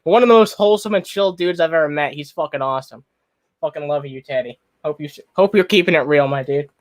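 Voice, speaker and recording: High-voiced man ranting on a live stream. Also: quick pace. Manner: profane, blunt and ranting, greets chat viewers; talks while eating. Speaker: streamer reacting to a video. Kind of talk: casual live-stream commentary.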